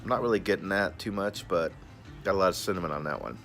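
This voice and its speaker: A laid-back man with a very deep voice chats his way through a cigar review. He is casual and friendly and keeps referring to himself in the third person. He is recorded outdoors in a backyard, with faint music in the background. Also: fast talker, fairly bright tone. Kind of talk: casual vlog talk.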